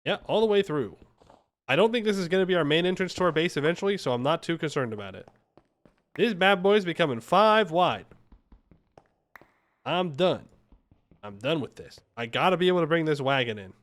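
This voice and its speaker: A male streamer talking casually over a live game, bantering with chat and defending himself in jest. His voice sits a little high for a man and jumps around a lot in pitch. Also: lively intonation, fast talker, a bit bright. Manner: playful, joking with chat, mock-defensive. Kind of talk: casual live-stream commentary while playing.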